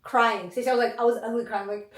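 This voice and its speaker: A woman, co-hosting a casual podcast chat in an animated, emphatic way, swearing freely. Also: on the high side, fast. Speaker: podcast co-host. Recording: roomy echo, mic at a distance.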